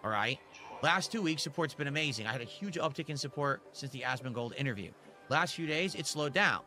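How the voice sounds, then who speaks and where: A man's voice: medium pitch, animated, a little fast, sharp tone, soft background music. A man streaming and talking candidly and matter-of-factly to his audience. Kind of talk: casual stream talk to the audience.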